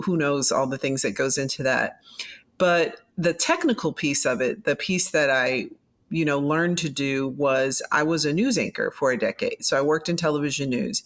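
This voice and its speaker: A middle-aged woman, a former news anchor, talking in an interview in a reflective, animated way with frequent restarts. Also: sits low. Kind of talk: conversational interview.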